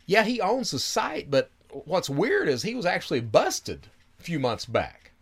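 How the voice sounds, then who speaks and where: Chummy blunt informant guy, squeaky high voice, slangy, lively ups and downs, as a man puts him on. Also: measured pace, breathy edge, full character voice. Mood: offhand. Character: casual male online informant, chummy and blunt.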